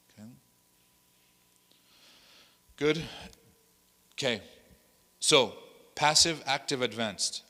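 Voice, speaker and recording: In the hall of an Islamic center, an imam leads a workshop, animatedly telling stories, acting out what others said, and mixing in Arabic phrases. His medium-pitched voice is bright and forceful, echoing in the large space.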